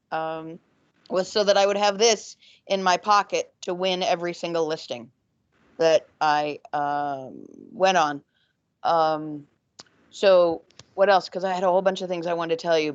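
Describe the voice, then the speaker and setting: A woman's voice: lowish voice, no room sound. Froggy-voiced woman agent, emphatic and repetitive, dull dry call line. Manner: emphatic, repetitive, talks in rushes. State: slightly froggy voice. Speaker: real estate agent. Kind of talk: video call panel interview. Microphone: video call.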